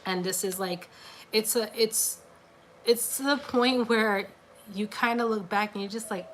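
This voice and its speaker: A woman's voice: mid-range voice, steady tone, measured pace, a little hiss or hum. A woman giving a casual, encouraging tarot reading on a livestream, chatty and full of filler "like"s. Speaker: tarot card reader.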